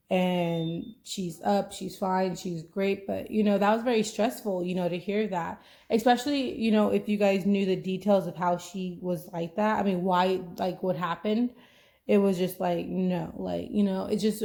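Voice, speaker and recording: A woman's voice: medium pitch, fairly even intonation, normal speed, vocal fry, mellow. A young adult woman hosting a podcast, chatting casually in a rambling way, full of "like" and "you know". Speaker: podcast host. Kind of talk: casual chat.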